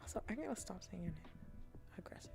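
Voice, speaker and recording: Soft, gravelly woman half-whispering. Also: mid-range voice, very animated, fast talker, soft background music. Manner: playful, half-whispered, mock-taunting teases. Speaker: streamer hosting a chat stream. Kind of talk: soft-spoken casual chat.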